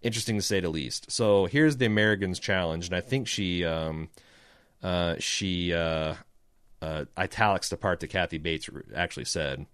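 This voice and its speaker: A man's voice: sits low, normal speed, a bit bright, clear, resonant tone, no room sound, studio quality. A man co-hosting a casual podcast chat, joking and hesitant with lots of fillers. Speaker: podcast co-host. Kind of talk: casual chat about a TV show.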